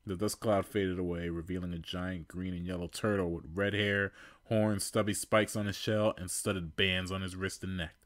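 A man's voice: sits low, flat delivery, moderate pace, a bit bright, no room sound, studio quality. A male podcast host reading fan fiction aloud, amused, with laughing asides.

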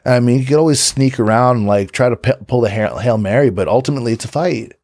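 A man's voice: medium pitch, fast, darkish tone. A man hosting a podcast in casual chat, laid-back and full of fillers. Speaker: podcast host. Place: studio.

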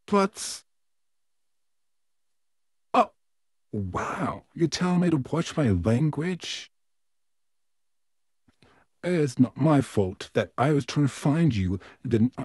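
A man doing a smug, husky evil puppet. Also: medium pitch, darkish tone, no room sound, studio quality, exaggerated voice. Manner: slow, drawn-out, theatrical delivery with smug laughs. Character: evil male puppet neighbor, smug, menacing, easily flustered. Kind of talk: fan audio role-play.

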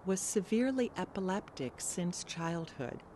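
A woman voicing a grieving father who speaks quietly, in a quivering voice. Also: on the low side, expressive, measured pace, a little hiss or hum. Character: grieving middle-aged father, shaken.

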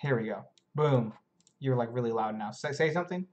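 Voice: medium pitch, expressive, fairly quick, a little mellow, lo-fi sound. An esports caster giving detailed play-by-play analysis of a strategy match on a live stream, explaining unit mechanics while tinkering with stream overlays.

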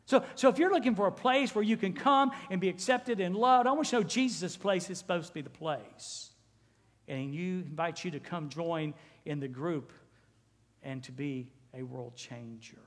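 A male pastor preaching a sermon in a church, animated and acting out quoted voices. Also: high-pitched, normal speed. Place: church sanctuary. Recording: church hall with long reverb.

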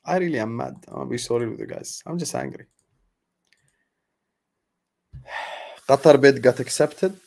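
A man's voice: mid-range voice, animated, unhurried, vocal fry, pauses often, darkish tone. Frustrated young man ranting casually. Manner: sarcastic, frustrated, laughing, trailing off into sighs. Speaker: football fan vlogger. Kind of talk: casual ranting chat to viewers.

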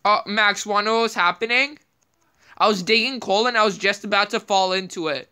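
A woman talks through her gameplay in a loose, rambling way, thinking aloud as she goes. Her voice sits at a middling pitch, and she keeps it casual. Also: brisk, bright, forceful tone, clear, resonant tone. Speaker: gameplay video host.

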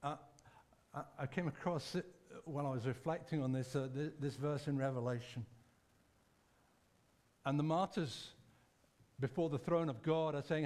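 A man preaching a sermon in a church, speaking conversationally and reflectively, pausing to correct himself and add asides. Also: on the high side, a little mellow. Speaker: pastor.

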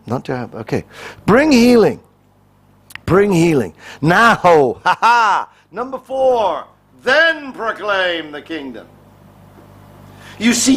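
A man's voice: sits high, a bit bright. A man, a pastor, preaching a sermon in a conversational and humorous way, acting out little quoted exchanges.

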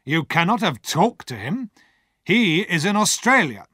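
A man's voice: sits high, sing-song, unhurried, sharp tone, husky, no room sound, studio quality, voice pushed up, full character voice. A man voicing a cautious middle-aged male lawyer who speaks in a clipped, guarded way.

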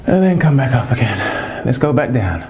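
A man calmly guiding viewers through floor stretches as a fitness instructor, often checking in with "okay?" as he goes. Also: mid-range voice, normal speed, over music. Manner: calm and reassuring, frequent "okay?" check-ins. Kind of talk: exercise instruction.

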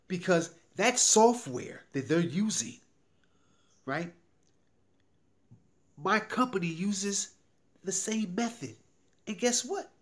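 Man, sales pitch, heated and pleading, repeats himself, lively up-and-down pitch. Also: a little slow, long pauses. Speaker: YouTuber promoting a tax service. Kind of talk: direct-to-camera sales pitch.

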